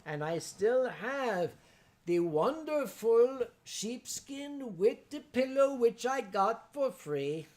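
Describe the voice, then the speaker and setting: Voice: medium pitch, sing-song, darkish tone. A show host from Pennsylvania telling anecdotes in a casual chat, acting out the voices of the people in the stories. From Pennsylvania, USA. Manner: unhurried anecdote telling, acts out quoted voices.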